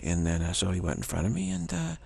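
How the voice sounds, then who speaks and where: A man's voice: low-pitched, very animated, fast, creaky, dark tone, slightly rough. A man telling a spiritual story in a rambling way, repeating himself and restarting often, with a sore throat. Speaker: spiritual teacher. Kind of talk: casual spoken reflection.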